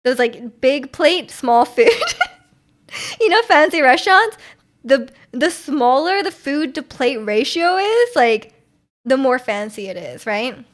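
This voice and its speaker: High-pitched young woman streamer, chatty and giggly, reading chat aloud in a relaxed casual tone at a home streaming setup. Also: slow pace. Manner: chatty and giggly, with frequent laughs and filler words. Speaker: livestream host.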